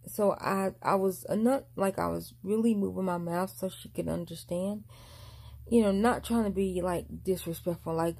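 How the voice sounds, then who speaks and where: A woman's voice: lowish voice, vocal fry, dark tone, slightly rough. A young woman telling a long personal story in a casual vlog, mumbling and restarting often. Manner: rambling, mumbled delivery with frequent restarts.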